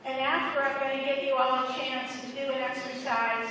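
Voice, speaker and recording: A woman's voice: high voice, level tone, normal speed, sharp tone. A woman giving an earnest motivational speech at a school assembly, often repeating her urgings to the students. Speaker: motivational speaker. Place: large echoing hall. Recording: echoey hall, far from the mic, faint hiss.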